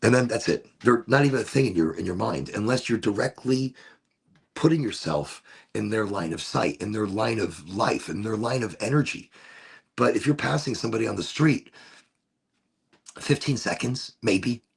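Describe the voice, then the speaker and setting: Rambling raspy low-voiced man. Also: animated, moderate pace. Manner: profane, rambling, philosophizing. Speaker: podcast host. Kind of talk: rambling casual monologue.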